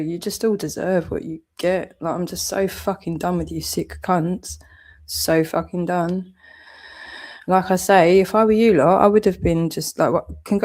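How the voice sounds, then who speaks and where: A woman's voice: lowish voice, darkish tone. A British woman with a southeast English accent, delivering a heated, accusatory vlog rant full of swearing. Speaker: channel owner.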